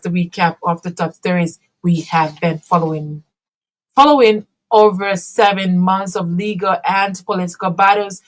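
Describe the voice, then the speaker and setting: A woman presenting a radio news bulletin in a measured, formal reading manner. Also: lowish voice, rough recording.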